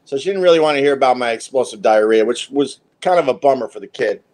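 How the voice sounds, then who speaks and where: A man's voice: medium pitch, fast talker, darkish tone. A man in his fifties, host of a livestream, telling a story in a rambling, self-mocking way, with lots of fillers and swearing.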